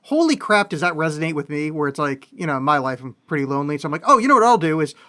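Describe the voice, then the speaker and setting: Male podcast co-host, fairly high voice, halting casual chat, acts out quotes. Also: sing-song, sharp tone. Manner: halting, many fillers and restarts, acts out quoted reactions. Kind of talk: casual film discussion.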